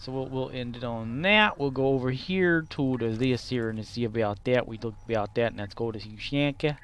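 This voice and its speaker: A man's voice: mid-range voice, moderate pace, a bit bright, clean tone. A man chatting casually while streaming a game, rambling and joking and laughing at his own bits. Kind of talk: casual live-stream chat.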